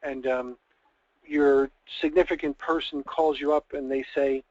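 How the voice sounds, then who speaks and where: A man's voice: medium pitch, steady tone, unhurried, a little mellow, no echo. A man running a conversational sales training call, talking casually and acting out little scenarios with drama. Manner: chatty, acts out scenarios dramatically. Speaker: network marketing trainer. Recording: dull dry lo-fi call audio.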